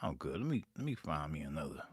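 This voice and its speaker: A man's voice: very deep voice, quick pace, breathy edge, no echo, studio quality. A man chatting casually while making beats live, rambling and profane. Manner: profane, rambling, animated storyteller. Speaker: beatmaker streaming live.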